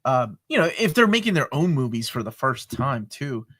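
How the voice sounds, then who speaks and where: A man's voice: medium pitch, sing-song, normal speed, a bit bright. A man who teaches film, co-hosting a casual film discussion and talking in an enthusiastic, emphatic way.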